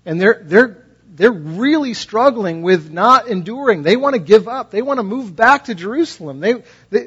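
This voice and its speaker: Husky-voiced pastor preaching, conversational. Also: male voice, animated, normal speed, a bit bright. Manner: conversational, acts out quoted voices, rises in pitch when impassioned. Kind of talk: sermon. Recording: dull lo-fi recording.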